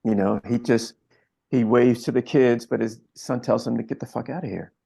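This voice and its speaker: A man from Philadelphia, a camera operator being interviewed, telling a story in an earnest, reflective way and pausing often. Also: medium pitch, steady tone, gravelly, dark tone, slightly rough. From Philadelphia, USA.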